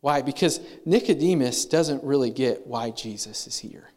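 A man's voice: medium pitch, normal speed, a little mellow. A man preaching a sermon in a conversational way, acting out the voices he quotes. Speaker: pastor.

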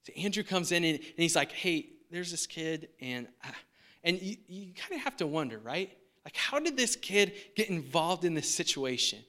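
A man's voice: fairly high pitch, big pitch swings, normal speed, sharp tone. A man preaching a sermon in a casual, chatty way, often asking "right?". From United States. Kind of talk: conversational sermon.

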